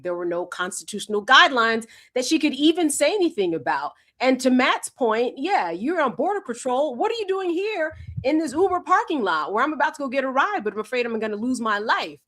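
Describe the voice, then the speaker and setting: A woman's voice: a little high, a bit bright. A woman speaking as a panelist in political commentary, emphatically explaining legal rights point by point.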